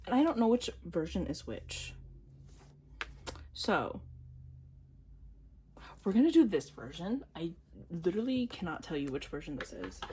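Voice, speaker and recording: Excitable woman with a lively, low-set voice. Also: slight background noise. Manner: excitable, gasps and squeals often; drops to quiet mumbles between outbursts. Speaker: vlogger unboxing albums. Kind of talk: casual chat to camera.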